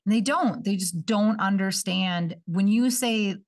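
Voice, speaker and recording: A woman's voice: medium pitch, unhurried, recorded from a distance. Chatty woman, a bit off-mic. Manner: animated, acts out parents and kids in quoted voices. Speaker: early childhood coordinator, guest. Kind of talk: casual podcast chat.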